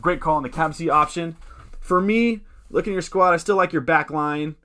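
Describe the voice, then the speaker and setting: A man's voice: on the high side, fairly quick, pushed and bright. A man hosting a fantasy football live stream, answering chat questions in a rambling, upbeat way that keeps correcting itself.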